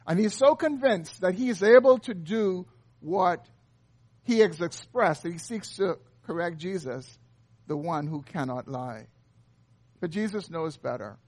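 High-voiced man preaching a sermon. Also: lively intonation, unhurried, darkish tone. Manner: earnest expository preaching. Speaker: pastor.

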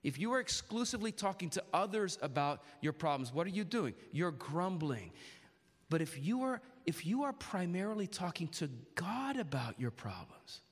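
A man's voice: sits high, sing-song, moderate pace, slightly rough, big-room sound. A man preaching a sermon earnestly, asking his congregation questions and restarting his phrases often.

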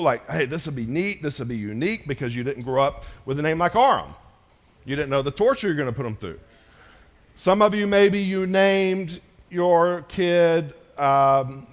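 A middle-aged man preaching a sermon in a casual, joking way, speaking directly to his congregation. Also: a little high. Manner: conversational and joking, addressing a congregation. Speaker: pastor.

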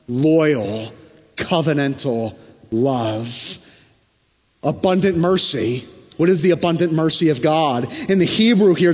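A male pastor preaches a sermon in an unhurried, deliberate cadence, his voice sitting a bit high for a man. He drives home phrases with emphasis, then drops into hushed, low stretches. A long church reverb trails every word. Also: slightly rough. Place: church sanctuary.

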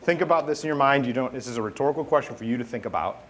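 Guy pastor preaching, chatty storytelling tone, mid pitch voice. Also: very fast. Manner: conversational storytelling. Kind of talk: sermon.

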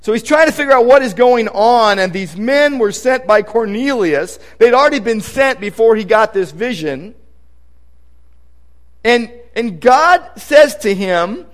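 Male pastor, high voice, conversational and emphatic sermon delivery with scripture readings. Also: expressive, measured pace.

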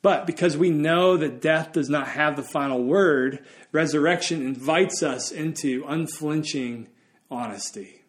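Man, pastor, sermon, earnest, slightly high voice. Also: unhurried.

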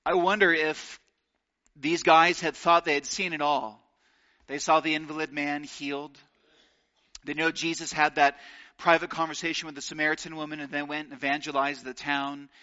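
A man preaching a sermon, earnest and slowing down to stress key phrases. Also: fairly high pitch, flat delivery, sharp tone, lo-fi sound. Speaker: pastor.

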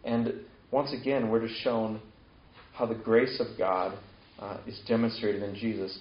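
This preacher's voice is lowish and a little slow, with fairly even intonation. He gives a casual sermon, retelling scripture in a conversational manner and acting out quoted lines with sudden lifts, recorded with echoey, dull lo-fi room sound.

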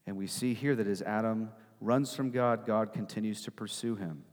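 A man's voice: fairly low pitch, normal speed, a little mellow. A man preaching a sermon as pastor, emphatic and rhetorical, often tagging his points with "right?". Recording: long hall reverb.

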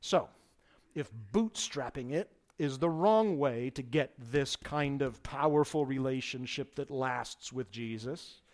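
A man preaching a sermon with emphatic delivery, swelling his voice for stress and dropping it low for asides. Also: slow. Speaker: pastor.

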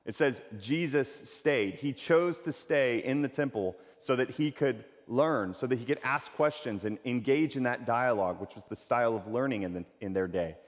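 A pastor preaching a sermon in a conversational way, repeating key phrases for emphasis. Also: male voice, mid-range voice, moderate pace, hardly any pauses, in a large hall.

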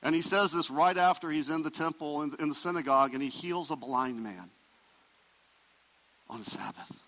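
A man preaching a sermon as pastor, emphatic, swelling loud and dropping soft. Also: fairly high pitch, normal speed, in a large hall, low-quality recording.

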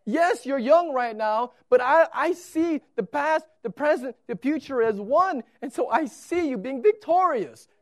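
A man's voice: very high voice, animated, measured pace, few pauses, dry recording, clean studio sound, pitched above the performer's own voice. A man voicing a loving heavenly father who urgently coaxes and encourages his fallen child to get up. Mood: cheering, tender. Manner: urgent, encouraging, repeated coaxing.

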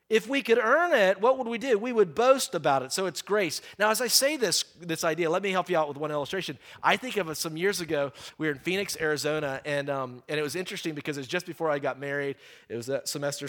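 A man in his forties delivering a conversational sermon, his voice sitting a bit higher than most men's. He preaches with a joking, sarcastic streak and slips easily into lively storytelling.

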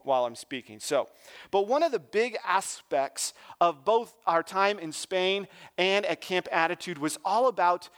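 A youth pastor gives a loose, joking sermon talk in church, sprinkling "right?" and "like" throughout. His high voice comes across smooth, clear, and a bit bright.

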